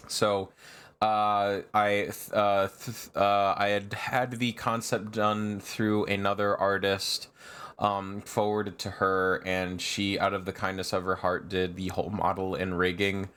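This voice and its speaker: A man streamer chatting casually on a live stream, rambling with fillers and laughs, and often jumping to high, shrieking protests. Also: little pitch movement, takes it slowly, fairly bright tone, clear, resonant tone.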